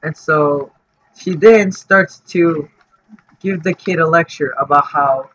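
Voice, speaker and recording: A man's voice: a little high, slow pace, a bit bright. A man telling a story for his vlog in a casual, rambling way, full of fillers and restarts. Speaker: vlogger. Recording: dull lo-fi audio with faint noise.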